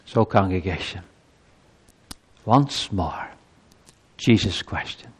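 A man's voice: deep voice, animated, slow, husky. A man preaching a sermon as pastor, building fervor and reading scripture aloud to his congregation. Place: church sanctuary. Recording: long hall reverb.

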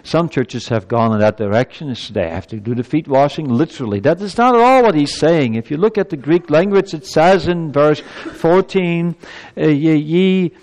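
A man's voice: on the high side, animated, normal speed. Emphatic male preacher in reverberant hall. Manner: emphatic, swinging from soft to loud exclamations. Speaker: pastor. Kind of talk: sermon. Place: church. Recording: long church-hall reverb.

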